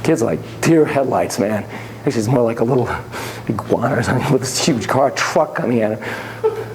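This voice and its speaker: A man who is a psychologist telling a story to students in a lecture, animated and joking, with frequent laughs. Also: mid-range voice, a little fast, slight background noise.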